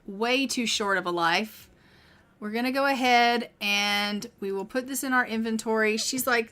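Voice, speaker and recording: At a normal pace, this streamer talks in a slightly high voice that is sharp, clear and resonant. She chats with her viewers while playing, reads the game's text aloud, and now and again voices the characters.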